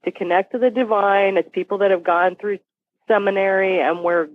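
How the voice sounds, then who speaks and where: A woman in her forties, a podcast guest, telling a story with animated quoted voices. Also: medium pitch, moderate pace, no room sound. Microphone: phone call. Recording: tinny phone line.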